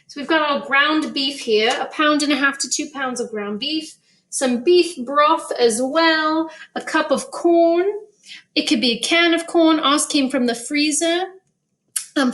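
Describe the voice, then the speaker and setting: A high-voiced woman leads a relaxed cooking lesson from a kitchen. She talks in a chatty, easygoing way and laughs readily as she explains each step. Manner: chatty, laughs easily, plays along with banter. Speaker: school choir director teaching cooking. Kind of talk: casual cooking demonstration.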